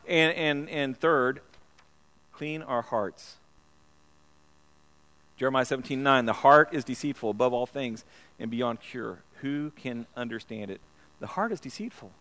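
A man's voice: mid-range voice, moderate pace, pauses often, a bit bright. A man preaching a sermon in a church, earnest and repeating himself, often stumbling and restarting his words. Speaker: pastor.

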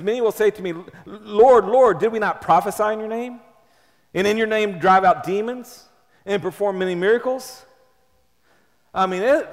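A man preaching a sermon as pastor, impassioned, often repeating and restarting words, swinging from soft to loud. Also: sits high, big-room sound.

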